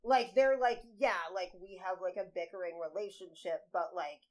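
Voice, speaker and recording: A woman's voice: mid-range voice, lively intonation, normal speed, darkish tone. A young woman in a mid-range voice co-hosts a casual podcast. She sounds upbeat and agreeable. She fills her speech with "like". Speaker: podcast co-host. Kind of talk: casual chat recapping a TV baking show.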